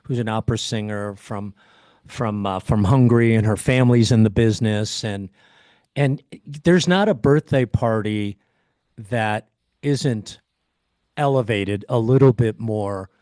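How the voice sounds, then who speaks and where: A man's voice: on the low side, darkish tone, dry recording. Guy hosting a podcast, eager, stumbles over words, dry close mic. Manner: enthusiastic, halting with repeated words. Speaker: podcast host. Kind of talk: casual interview chat.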